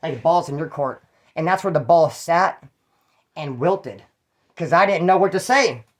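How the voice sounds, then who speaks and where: A man's voice: a little high, expressive, a little slow. A man hosting his own channel, telling prison stories in a rambling, profane, streetwise way. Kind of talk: casual first-person storytelling.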